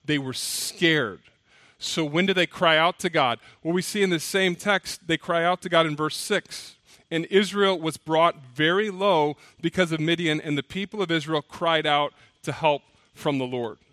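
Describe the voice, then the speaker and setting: A male pastor preaching a sermon, telling stories with lively acted-out quotes. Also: on the high side, moderate pace, dry recording. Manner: animated storytelling, acts out quoted voices. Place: church.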